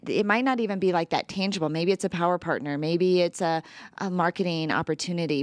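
A woman with a lowish voice co-hosts a radio talk show, chatting and working through a list of tips. She speaks casually with plenty of ums, into a studio mic in a dry, close room. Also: dry recording. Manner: chatty, upbeat, lots of fillers.

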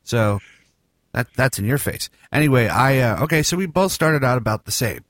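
A man's voice: mid-range voice, animated, moderate pace, fairly bright tone, dry recording, studio quality. A man hosting a casual podcast in his morning voice, rambling and joking with many fillers. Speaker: podcast host.

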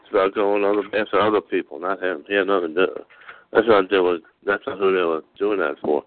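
Argumentative male prank-call host, mid-pitch, phone-line sound. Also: fairly even intonation, quick pace. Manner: argumentative, blunt. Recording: tinny phone line with faint hiss.

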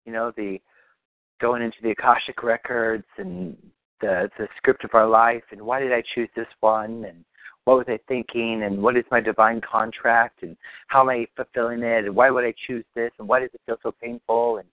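A man's voice: mid-range voice, normal speed, no room sound. A man leading a practitioner call, talking in a meandering, reassuring way and often repeating himself. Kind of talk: casual coaching talk. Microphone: phone or call line. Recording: phone-like dry line.

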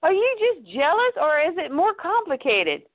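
A woman voicing a defensive, hot-headed young superhero man who pleads and shouts. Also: very high voice, sing-song, normal speed, voice pushed up. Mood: angry. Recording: tinny phone-like line.

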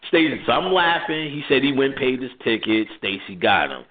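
A man's voice: mid-range voice, a little fast, crowd noise. A man with a New York accent, hosting a radio show and telling a story in a casual way, acting out the other voices. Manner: animated, acts out voices and laughs. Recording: phone-like lo-fi audio.

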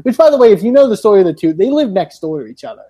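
A man's voice: high-pitched, sing-song, very fast, warm tone, breathy edge. A man co-hosting a podcast, recapping with sarcastic, profane remarks in casual chat. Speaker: podcast co-host.

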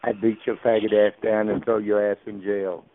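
A man's voice: lowish voice, level tone, moderate pace. A man on a call, trading repetitive insults and taunts. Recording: noisy phone line.

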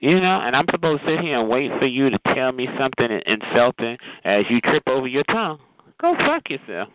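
A man talks in a sassy, mocking way, calling people honey and child. His pitch swoops all over. The sound is thin and phone-like, with a faint hiss underneath. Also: big pitch swings, brisk. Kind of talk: profane phone rant. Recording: tinny phone line with faint noise.

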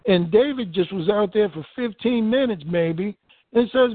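A man with a high voice preaches a fervent sermon, reading scripture and pressing each point with emphasis. The sound is thin and phone-like, with a dry, close feel. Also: lively intonation, moderate pace, dry recording. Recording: tinny phone-like dry recording.

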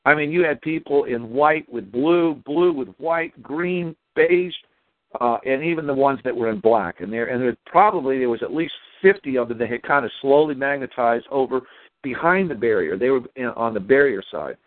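A male caller telling a long story on a call-in show, animated and acting out his own dialogue. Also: medium pitch, moderate pace, no room sound. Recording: dry phone line.

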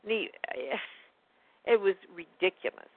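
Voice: medium pitch, lively intonation, slow, dry recording. A guest telling a personal story in a rambling, indignant way during a casual phone conversation. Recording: tinny phone line, dry.

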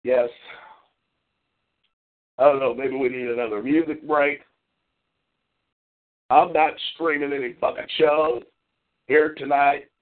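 A man's voice: fairly high pitch, flat delivery, slow, pauses often. Brash, boastful man on a tinny line. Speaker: call-in show host. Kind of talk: solo call-in radio monologue. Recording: phone-like lo-fi call-in audio.

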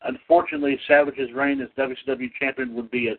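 A man's voice: medium pitch, quick pace. A man from the North Carolina area hosting a radio show in a folksy, chatty manner, reading wrestling history. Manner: folksy, chatty, coughs and clears throat, lively. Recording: tinny phone-line audio.

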